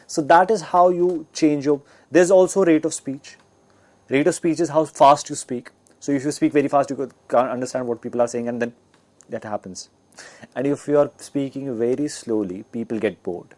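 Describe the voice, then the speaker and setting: A man's voice: mid-range voice, moderate pace, darkish tone. A man as a guest speaker, explaining communication skills in an educational talk, demonstrating with his own voice. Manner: explanatory, with frequent fillers and restarts.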